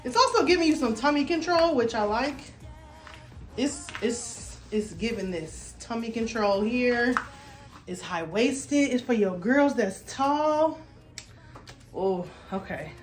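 A young adult woman filming a casual try-on haul at home, chatty and excited, calling viewers y'all and baby. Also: a little high, takes it slowly, faint music behind. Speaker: fashion vlogger.

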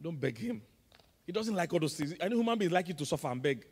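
A Nigerian man preaching from the pulpit, his voice pitched fairly high for a man. He drives his points with call-and-response, now loud, now soft. The sound carries a long reverb from a big church hall. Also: animated, fast, slightly rough. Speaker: pastor. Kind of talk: sermon. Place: large church auditorium.

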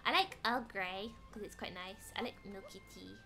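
This is casual gaming stream chat from a young British woman who talks playfully and exclaims while playing. She has a medium-pitched voice and a moderate pace, and faint music plays underneath.

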